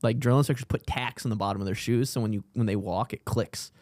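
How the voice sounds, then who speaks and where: A man co-hosting a comedy podcast, telling stories in a lively, laughing way. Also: fairly low pitch, fast, no room sound, studio quality. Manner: lively storytelling, laughs often. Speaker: podcast co-host, comedy writer. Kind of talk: casual podcast banter.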